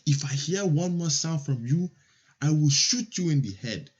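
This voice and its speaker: A man's voice: fairly high pitch, animated, normal speed, breathy edge, pitched above the performer's own voice. A man voicing an angry school superintendent who barks threats. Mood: threatening. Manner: menacing, barking. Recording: lo-fi audio.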